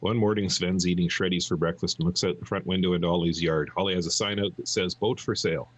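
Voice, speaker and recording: Male podcast co-host, husky low voice, casual joke teller. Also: fairly even intonation, no room sound. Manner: storytelling, halting restarts. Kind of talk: casual joke-telling chat.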